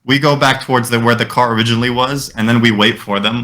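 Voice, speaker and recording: A podcast co-host tells a story with lively energy on a casual show, his medium-pitched voice bright, forward, and fast. He swears freely and slips Arabic phrases in between his English lines.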